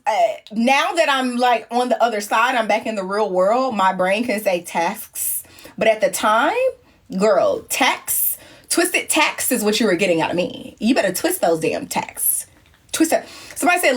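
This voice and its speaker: A young woman chatting casually on a phone livestream, telling a story with swearing and high-pitched imitations of other people. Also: very animated, normal speed, husky. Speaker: livestream host chatting with viewers.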